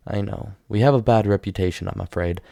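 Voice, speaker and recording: A man's voice: on the low side, a little fast, creaky, mellow, dry recording, clean studio sound. A man reading the part of a doting, motherly woman who speaks in a cooing, sweetly reassuring way.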